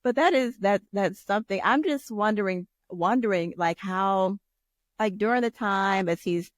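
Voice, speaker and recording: A woman's voice: medium pitch, moderate pace, no room sound, clean studio sound. A woman hosting a podcast interview, asking empathetic, rambling questions full of fillers. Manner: warm-hearted, rambling questions with many fillers. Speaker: podcast host.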